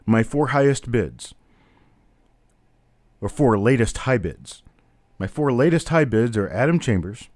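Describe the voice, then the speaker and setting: A man's voice: medium pitch, lively intonation, unhurried, long pauses, darkish tone, no room sound. A man hosting a live-stream coin auction, chatty, calling out bidders and prices one after another. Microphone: webcam on a stand.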